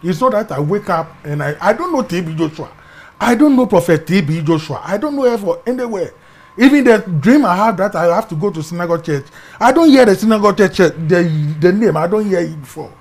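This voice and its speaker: A middle-aged man with a Ghanaian English accent tells his personal story as an interview guest, animated and acting out the voices, often dropping to a hush. His voice is high and a little fast.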